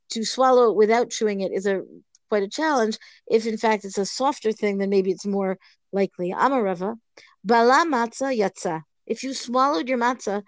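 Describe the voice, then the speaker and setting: A woman reading and explaining a Talmud passage in a measured, thoughtful way. She pauses now and then with "um". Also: mid-range voice, no echo. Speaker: Talmud teacher.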